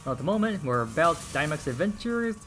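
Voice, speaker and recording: A man's voice: a little high, fast, faint music behind. A man hosting a game stream in a casual, joking chat with viewers. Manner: lively, joking, talks to chat.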